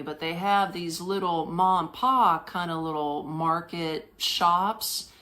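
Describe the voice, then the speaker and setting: A woman hosting a podcast, telling a casual story in a slangy, animated way, laughing often and mimicking voices. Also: low voice. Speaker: podcast host.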